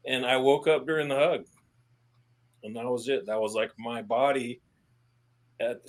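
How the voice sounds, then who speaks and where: A man who is an army veteran, talking candidly as a podcast guest, plain-spoken and earnest, with casual swearing and halting restarts when he stresses a point. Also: medium pitch. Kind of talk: candid podcast interview conversation.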